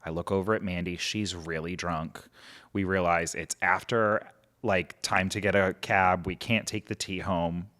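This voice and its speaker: A man's voice: low-pitched, unhurried. A man, a podcast guest telling a story casually and animatedly, acting out quotes. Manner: animated, acts out quotes, many "like" fillers.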